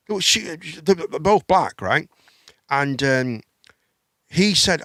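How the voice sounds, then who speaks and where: A man's voice: on the high side, animated, unhurried, sharp tone, dry recording, clean studio sound. A middle-aged man hosting a live chat show, rambling with stammering restarts and casual swearing.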